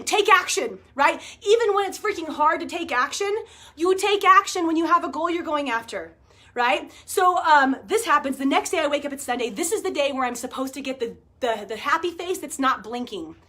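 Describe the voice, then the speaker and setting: A woman in her forties chatting to her viewers, telling a story in an animated way, laughing and swearing casually. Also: high-pitched. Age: 40s. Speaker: vlogger. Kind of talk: casual chat to camera.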